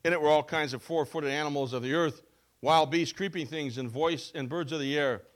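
A man preaching a sermon as a pastor. He reads scripture and explains it with emphasis, going from loud to soft. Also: fairly high pitch, fairly quick. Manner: emphatic, with wide swings between loud and soft.

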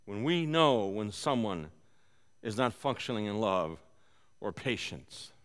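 Lively storytelling male pastor. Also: fairly low pitch, takes it slowly. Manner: animated, swings from quiet to loud. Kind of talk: conversational sermon with personal story. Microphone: live-streamed service.

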